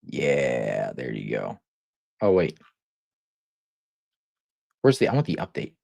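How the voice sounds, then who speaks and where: A man's voice: very deep voice, huge pitch swings, slow, gravelly, a little mellow, no echo, clean studio sound. A man streaming live, commenting in a rambling, mocking way with lots of restarts and chuckles.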